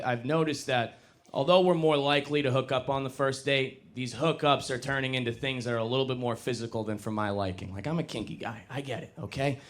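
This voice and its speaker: A man's voice: mid-range voice, fairly bright tone. A young man doing a stand-up comedy set on a club stage into a handheld mic, casual and self-deprecating, working the crowd.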